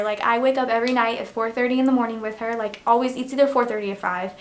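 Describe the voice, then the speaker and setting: A woman's voice: fairly high pitch, fairly even intonation, quick pace, few pauses, a little hiss or hum. A young woman vlogging in casual chat, rambling and filling her talk with "like" and "um", open and emotional. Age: young adult. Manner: rambling, heavy use of "like" and "um"; emotional, near tears at times.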